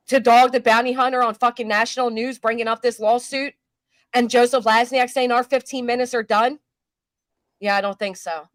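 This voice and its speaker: A woman's voice: a little high, no room sound. A woman hosting a casual live stream, talking in a brash, profane, mocking way. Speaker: host.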